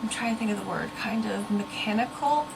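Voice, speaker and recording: A woman's voice: medium pitch, fairly quick, creaky, noisy background. A young woman talking earnestly and casually to her viewers, now and then stopping to search for a word. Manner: chatty, earnest, searches for words. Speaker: ghost-hunting vlogger. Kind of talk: casual talk to camera.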